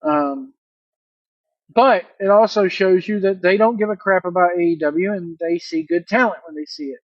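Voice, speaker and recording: Male wrestling reviewer, high voice, blunt and opinionated, dry, dull-sounding home recording. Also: moderate pace, no room sound. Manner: blunt, opinionated, animated play-by-play recap. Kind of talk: casual solo review.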